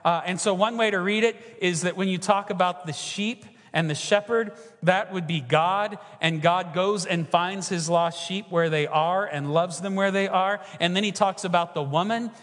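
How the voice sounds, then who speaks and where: A man's voice: high voice, moderate pace, fairly bright tone. A man preaching a sermon, often asking the congregation questions. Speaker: pastor. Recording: long reverb of a large hall.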